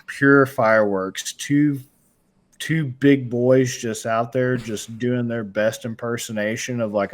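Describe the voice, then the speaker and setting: A young man co-hosting a fight betting podcast, rambling, jokey and profane. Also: on the low side. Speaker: podcast co-host. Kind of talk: casual betting chat.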